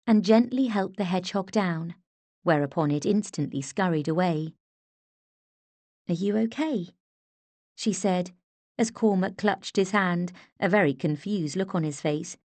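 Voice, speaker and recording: A woman reads a romance novel aloud in scripted narration, measured and steady. Her voice sits on the low side, and the recording is close and dry with no room sound. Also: dry recording. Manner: even, measured storytelling. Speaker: audiobook narrator.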